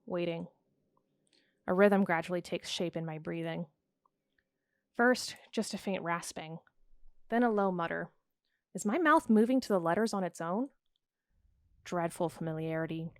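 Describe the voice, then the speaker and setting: A woman hosting a let's play, reading a text game aloud in a calm, measured way and breaking off to chat hesitantly about it. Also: on the low side, dry recording, clean studio sound. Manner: calm, measured narration, with hesitant, searching commentary.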